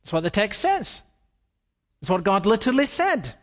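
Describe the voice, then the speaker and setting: A man preaching a sermon with an expressive delivery that rises to emphatic peaks. His voice sits high, and the recording carries a long reverb from a large hall. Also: moderate pace. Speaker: pastor.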